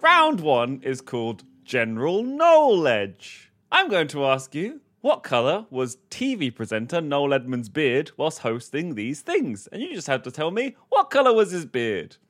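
A man hosting a comedy quiz podcast, playful and quick with jokes, often laughing. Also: a little high, wildly swooping pitch, fairly bright tone. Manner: playful, giggly, quick asides. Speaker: quiz host.

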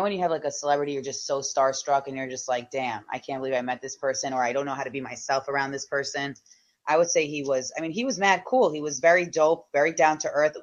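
Woman guest, frank and chatty, muffled remote audio. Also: low voice. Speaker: guest, comedian and podcast host. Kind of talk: casual interview chat.

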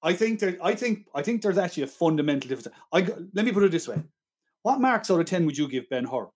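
A man with a somewhat high voice debates a film in casual chat. He praises it with enthusiasm and pushes back firmly when challenged. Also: big pitch swings, fast talker. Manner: enthusiastic, argumentative.

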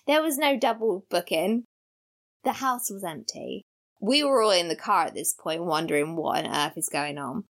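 Gravelly-voiced woman telling ghost stories. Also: on the low side, normal speed. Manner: animated storyteller, laughs mid-sentence, acts out voices. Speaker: podcast co-host. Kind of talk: casual storytelling chat.

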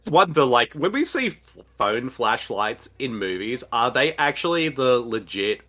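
Lively, bright-voiced man joking through a movie. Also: medium pitch, a little slow. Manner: animated, jokey, laughs often. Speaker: podcast co-host. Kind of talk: casual movie commentary chat.

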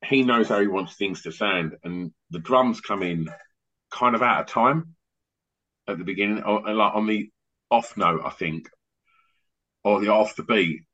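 A middle-aged man hosting a podcast on a video call, a rambling, animated storyteller who often restarts his sentences. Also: lowish voice, a little slow, pauses often. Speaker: podcast host and DJ. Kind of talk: casual chat on an online call. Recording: muffled lo-fi online call audio.

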